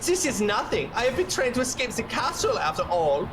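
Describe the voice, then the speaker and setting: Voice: mid-range voice, normal speed, natural voice. A streamer voicing a polite, formal young princess, over game music. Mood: earnest. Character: proper runaway young princess.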